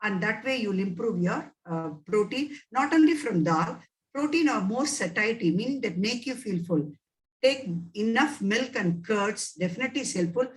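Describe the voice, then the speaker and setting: A woman's voice: on the high side, lively intonation, normal speed, distant mic, low-quality recording. A woman with an Indian English accent answering webinar questions as a nutrition scientist, emphatic and advising, repeating words for stress.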